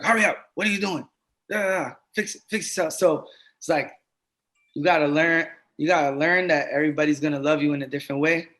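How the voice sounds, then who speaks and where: A middle-aged man with a fairly high, somewhat bright voice chats as a podcast guest. He talks earnestly yet casually, comes across as streetwise, and tends to repeat himself in this casual conversation.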